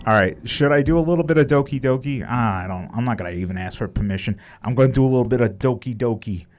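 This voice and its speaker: A young man casually commenting on his live game stream, swearing freely and reacting loudly. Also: medium pitch, lively intonation, fast talker. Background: game music.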